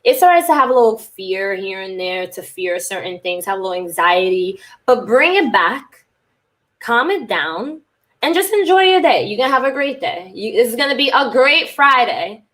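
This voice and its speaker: A woman's voice: mid-range voice, expressive, normal speed, a bit bright. A woman podcast host and cult recovery coach in a candid, rambling casual monologue who swears freely.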